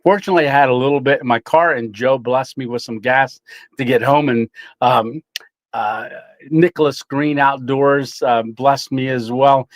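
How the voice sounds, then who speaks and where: A man's voice: mid-range voice, fairly even intonation, normal speed, dry recording. A middle-aged man from Tennessee, hosting a casual livestream, reading viewer comments and rambling with fillers and chuckles. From Tennessee, USA. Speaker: livestream host.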